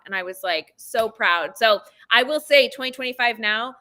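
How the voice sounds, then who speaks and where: A woman educator on a panel, chatty and quick to tell stories about her classroom. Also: a little high, sharp tone. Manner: chatty, self-described talker. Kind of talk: casual storytelling.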